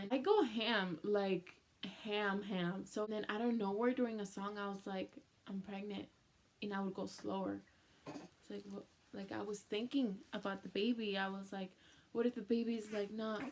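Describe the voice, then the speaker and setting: A woman's voice: mid-range voice, darkish tone. Chatty young woman telling her story. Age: 20s. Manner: chatty, full of "like", mixes in Spanish phrases. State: teary after crying. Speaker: vlogger. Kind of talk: emotional storytime.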